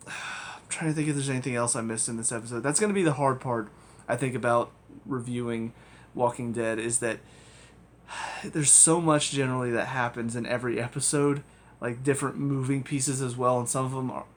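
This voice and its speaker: A man's voice: mid-range voice, steady tone, normal speed, slight background noise. A man giving a casual spoken TV review, rambling and hedging with frequent ums and restarts.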